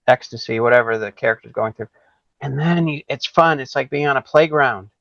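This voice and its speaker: A man hosting an interview podcast, speaking enthusiastically and affirmingly, thinking out loud as he goes. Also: mid-range voice, a little fast, vocal fry, dry recording. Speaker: podcast host. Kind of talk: conversational interview. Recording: dry, dull lo-fi sound.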